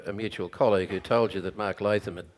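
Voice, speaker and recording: A man, interviewing a guest on stage, asking measured, probing questions with frequent hesitations. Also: on the low side, steady tone. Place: stage at a talk venue.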